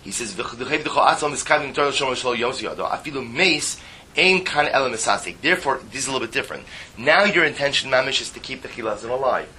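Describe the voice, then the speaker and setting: A man's voice: medium pitch, animated, fast talker, sharp tone, slight background noise, rough recording. A man teaching a Talmud class in English, explaining step by step with rhetorical questions and passages in a style.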